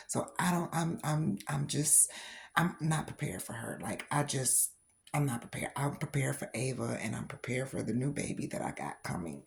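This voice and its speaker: On her laid-back doll-collecting channel, a middle-aged reborn doll vlogger with grandchildren spins a lively personal story full of laughter. She speaks at a moderate pace in an extremely low, creaky voice.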